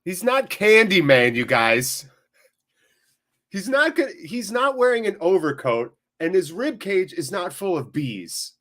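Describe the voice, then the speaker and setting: An American man hosting a live football watchalong. He jokes and chats with viewers between quick play-by-play. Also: high-pitched. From United States. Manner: jokey, animated, quick play-by-play. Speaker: watchalong host.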